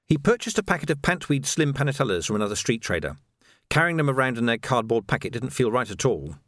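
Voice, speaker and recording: Man, audiobook narrator, wry, lively intonation, dry close mic. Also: medium pitch, no room sound. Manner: lively, wry character reading.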